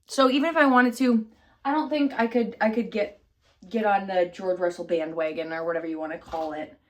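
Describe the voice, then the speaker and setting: A woman vlogger talking straight to camera in a loose, rambling way, full of asides and restarts. Her voice sits at a middle pitch, and she keeps laughing off her own confusion. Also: fairly even intonation, a little fast. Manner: scattered and self-deprecating, many fillers and restarts. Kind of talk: rambling casual chat to camera.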